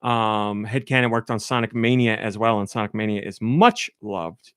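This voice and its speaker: A man's voice: lowish voice, moderate pace, a bit bright, smooth, dry recording, studio quality. A man hosting a podcast in casual, rambling chat, often breaking into laughter. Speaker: podcast host.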